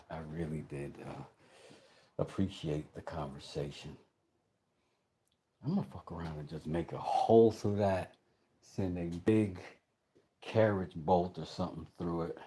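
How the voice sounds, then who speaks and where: Slow-talking man, low voice. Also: a little mellow, slight background noise. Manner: rambling, chats with viewers while tinkering. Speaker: livestream host. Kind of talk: casual live chat while working. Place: home workshop.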